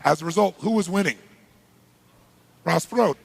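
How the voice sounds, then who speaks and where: A man giving a live seminar talk to a large audience, energetic and punchy, polling the crowd with quick questions. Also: high voice. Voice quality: gravelly, husky. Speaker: seminar speaker.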